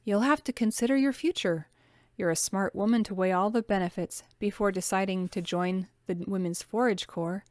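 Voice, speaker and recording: An earnest, genteel young lady who speaks with encouraging conviction, as a woman reader voices her. The voice is raised slightly above the reader's usual pitch. It sounds dry and close. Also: normal speed, dry recording, natural voice. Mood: warm.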